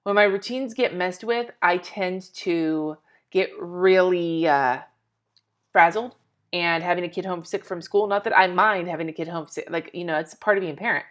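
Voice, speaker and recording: A woman's voice: lowish voice, normal speed. A woman in her forties, chatty and scattered, talking to herself and to viewers while she decorates a planner on a live stream, swearing casually. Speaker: planner vlogger.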